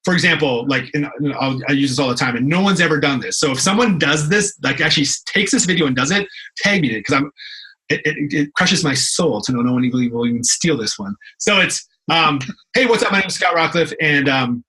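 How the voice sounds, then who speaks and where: A man's voice: on the high side, animated, fairly quick, sharp tone, low-quality recording. A young adult man from Canada, a fitness professional guest in a casual interview, telling stories animatedly with frequent restarts and fillers.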